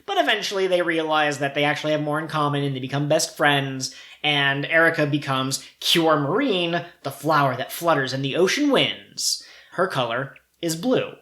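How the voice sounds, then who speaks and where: A man co-hosting a casual podcast, explaining an anime plot in a joking, animated way. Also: fairly high pitch, normal speed, roomy sound. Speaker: podcast co-host. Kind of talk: casual chat.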